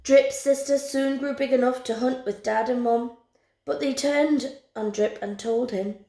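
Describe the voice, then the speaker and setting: A woman teacher reading a picture book aloud to children, telling the story slowly and expressively. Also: high-pitched, steady tone, warm tone. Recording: roomy echo.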